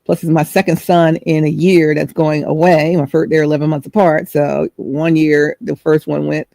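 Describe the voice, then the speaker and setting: A woman's voice: low-pitched, level tone, normal speed, gravelly, dark tone, no room sound. A middle-aged woman hosting a vlog, telling a chatty, rambling story and searching for words as she goes. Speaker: host.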